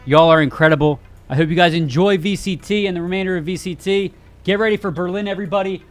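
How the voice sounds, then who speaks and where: Give me a joking male stream host with a slightly high voice. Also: fast, faint music behind. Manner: joking, talks straight to chat, laughs often. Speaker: host of a gaming news stream. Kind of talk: casual live-stream chat.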